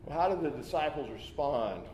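A man delivers a sermon in a conversational tone, voicing his listeners' objections and tripping over his own restarts. His voice sits a little high for a man. The sound carries the long, roomy reverb of a church hall, with faint ambience underneath. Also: expressive, normal speed, a little mellow, slight background noise. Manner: conversational, plays out listeners' doubts aloud with repeated restarts. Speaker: pastor. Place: church sanctuary.

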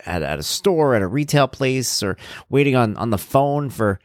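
A man's voice: mid-range voice, lively intonation, moderate pace, no echo. A man hosting his own podcast in casual chat, upbeat and chatty with rambling asides, close to the mic. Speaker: podcast host.

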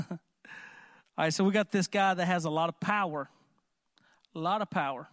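High-voiced preacher in a lively sermon. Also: male voice, normal speed, dry recording, clean studio sound. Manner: animated, conversational, asks the congregation questions. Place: church.

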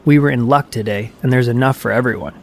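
A man's voice: mid-range voice, quick pace, lightly acted. A man voicing an airy, unruffled chief god. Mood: calm. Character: calm, self-assured chief god, adult man.

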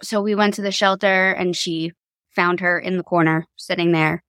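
A woman's voice: on the low side, steady tone, moderate pace, fairly bright tone, dry recording. A woman in her thirties from Long Island, New York, a podcast guest telling her family story in a candid, chatty way and laughing easily. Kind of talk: casual storytelling.

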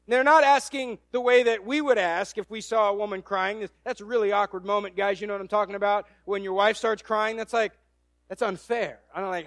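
Guy preaching a sermon, kinda high voice, tells the story all animated, lots of restarts, dry close mic. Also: fairly quick, dry recording.

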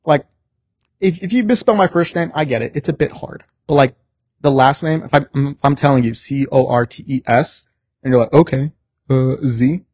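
A young American man telling stories in a casual podcast chat, animated and swearing freely. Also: a little high, fairly quick, no echo. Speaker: podcast guest.

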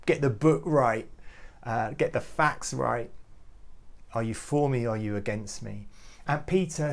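A man giving an earnest, reflective devotional talk to youth leaders, often halting and repeating words as he goes. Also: medium pitch. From United Kingdom. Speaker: youth ministry speaker.

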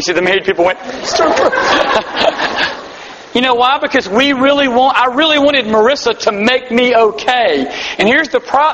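A man's voice: high-pitched, fairly bright tone, a little hiss or hum. A man preaching a sermon to a live audience, earnest and emphatic, with self-deprecating humor. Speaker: pastor. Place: large hall before a live audience. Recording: dull hall-echo live recording.

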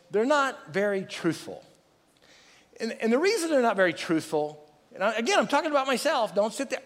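High-voiced guy preacher, super animated, loud and passionate, big echoey church hall. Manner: loud, passionate, self-deprecating, improvised. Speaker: pastor. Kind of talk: sermon.

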